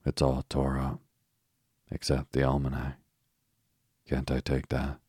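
A man's voice: rumbling low, monotone, a little slow, a little mellow, husky, no room sound, clean studio sound, heavily acted. A man voicing a blunt, grumbling young boy who scoffs at his sister's plans. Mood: scornful.

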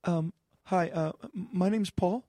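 A man voicing a nervous, distraught husband calling in to a radio show, stuttering and halting as he talks. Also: high-pitched, mellow, dry recording, pitched above the performer's own voice. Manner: stuttering, halting, many repeats. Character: stammering nervous male caller, distraught husband. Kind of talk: improvised comedy role-play.

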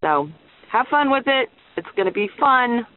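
High-voiced man on a tinny phone line. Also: moderate pace. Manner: relaxed, rambling advice. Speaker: caller.

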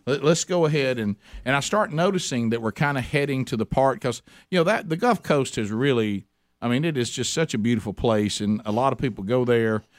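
A middle-aged man hosting a radio talk show, telling a rambling story full of restarts and animated asides. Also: medium pitch, a little fast, no room sound, clean studio sound. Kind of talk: casual storytelling chat.

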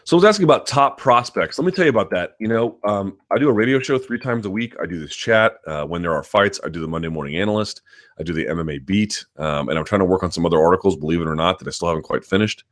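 A man with a notably low voice hosts a live chat, reading out viewer questions and talking through his answers. He hedges often, fills pauses with ums and restarts his sentences, and keeps a casual, conversational pace. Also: animated. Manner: talks quickly and hedges, lots of ums and restarts; reads viewer questions aloud, then answers at length. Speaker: host.

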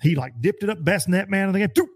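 A man chatting on a podcast, telling a fishing story with lively acted-out quotes. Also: fast talker, husky, dry recording, clean studio sound. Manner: animated storyteller, acts out quotes in a high voice. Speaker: pro bass angler. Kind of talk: casual podcast chat.

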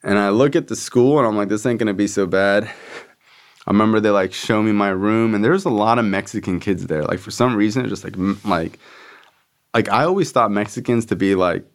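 Young guy on his podcast telling his story, lowish voice, says like a lot, swears a bunch. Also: brisk. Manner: loose and candid, heavy on "like" fillers and swearing. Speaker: podcast host. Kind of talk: casual personal storytelling.

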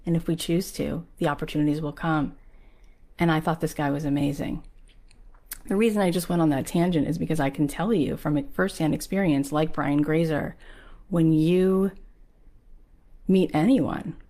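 A woman podcast host telling a motivational story in an animated way, full of quoted exchanges. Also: low voice, normal speed. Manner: animated, acts out quoted voices.

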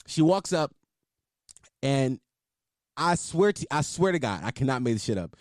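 Young guy in his 20s, cussing a lot, super lively up and down voice, dry close sound. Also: medium pitch, moderate pace, no echo. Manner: profane, animated, exaggerated outrage. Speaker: storyteller. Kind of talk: casual storytime vlog.

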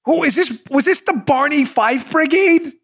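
A man's voice: extremely high pitch, expressive, moderate pace, fairly bright tone. A man in his forties hosting a political commentary podcast, bursting into incredulous exclamations and frequent laughter. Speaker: podcast host.

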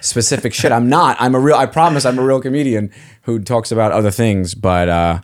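Animated comedian. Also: male voice, medium pitch. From Staten Island, New York. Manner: animated, swearing, does quick voices when quoting people. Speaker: comedian and podcast host. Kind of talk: casual chat.

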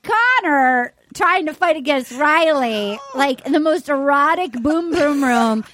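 High, lively woman hosting. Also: measured pace, a little hiss or hum. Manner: excited rambling recap, acting out quotes. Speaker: podcast host. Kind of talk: casual chat.

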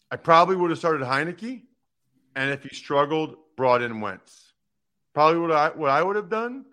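A man hosting a sports talk show, giving emphatic, animated opinions on football news and teasing his co-host. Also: fairly high pitch.

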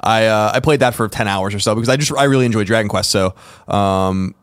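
A man's voice: on the low side, quick pace, clear, resonant tone, no room sound. A man co-hosting a podcast in casual chat, with dry, teasing banter. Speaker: podcast co-host.

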